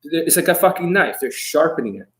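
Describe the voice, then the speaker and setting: A man's voice: on the high side, animated, a little fast, fairly bright tone, poor audio. Brash, swearing man lecturing his viewers. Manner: brash and combative, swearing often; boastful, talks about himself in the third person. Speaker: dating coach. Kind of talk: livestream monologue to viewers.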